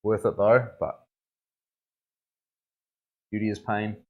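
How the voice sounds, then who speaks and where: A man's voice: on the low side, level tone, takes it slowly, phone-quality sound. A young man, a tattoo artist, chatting casually on a live stream while he works, laughing often and thanking viewers. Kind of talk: casual livestream chat while working.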